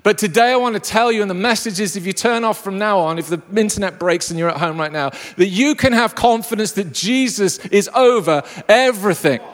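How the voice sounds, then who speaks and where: A man preaching a lively, jokey sermon to a live congregation. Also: sits high, a little fast, hardly any pauses. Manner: enthusiastic, jokey storyteller. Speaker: pastor. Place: church hall with a live congregation. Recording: long reverb of a large hall.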